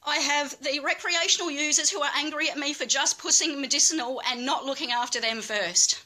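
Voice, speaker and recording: A woman's voice: high-pitched, brisk, pushed and bright. A woman speaking as a cannabis activist, making an angry, emphatic plea and repeating her points with swearing. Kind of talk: impassioned plea.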